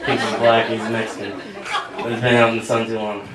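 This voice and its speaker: A man's voice: fairly low pitch, flat delivery, brisk, over a noisy crowd, heavy background noise. A young man doing a stand-up set in a small cafe, rambling and self-mocking with lots of fillers. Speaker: stand-up comedian. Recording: echoey room, mic from far off, audience laughter. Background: audience laughing.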